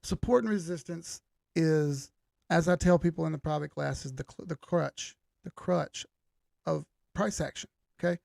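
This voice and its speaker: A middle-aged man hosts a live stream in a loose, easygoing way, calling out viewers by name. His voice is gravelly and sits a little high. The sound is very dry and close. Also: a little slow, a little mellow, no room sound. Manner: laid-back, greets viewers by name, swears casually. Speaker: livestream host. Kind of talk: casual live-stream chat.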